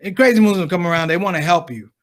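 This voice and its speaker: A man's voice: high voice, quick pace. A man doing stand-up comedy, talking straight to the crowd and acting out the people in his stories. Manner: animated, acts out others' voices, talks to the crowd.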